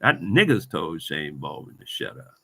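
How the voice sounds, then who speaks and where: A man's voice: rumbling low, very animated, normal speed, vocal fry, sharp tone, husky. A man delivering a heated, profane monologue as a vlogger, circling back over the same points in loose street talk. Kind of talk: ranting monologue to camera.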